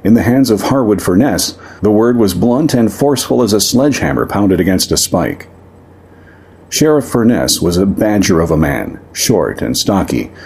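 A man narrating a short story in a measured, dramatic reading. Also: low voice, a little mellow, slightly rough. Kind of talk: audiobook fiction reading.

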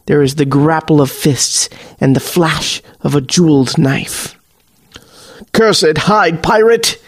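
A male narrator reads a story in a slow, deliberate way, taking his time over each phrase. His voice is fairly high for a man. The recording is close and dry, with no room sound. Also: darkish tone, dry recording. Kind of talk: scripted narration.

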